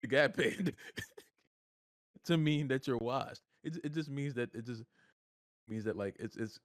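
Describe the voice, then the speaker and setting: A man's voice: mid-range voice, measured pace, no room sound, clean studio sound. A man co-hosting a podcast in loose, joking casual chat, swearing freely. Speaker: podcast co-host.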